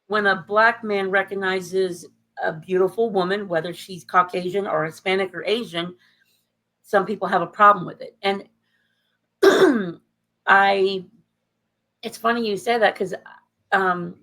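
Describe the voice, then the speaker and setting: A woman in casual conversation who retells her experiences with animated emphasis, her voice jumping up when she makes a point. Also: mid-range voice, measured pace, pauses often, poor audio. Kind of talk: casual chat.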